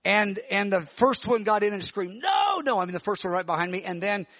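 A man preaching, telling a vision in an animated, emotional way with many restarts. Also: high voice, a little fast, no room sound, dull audio. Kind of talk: sermon testimony, telling a vision.

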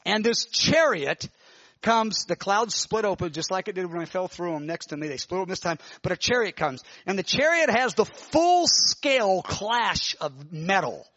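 A man preaching, telling a vision in an animated, emotional way with many restarts. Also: high voice, normal speed, no room sound, dull audio. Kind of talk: sermon testimony, telling a vision.

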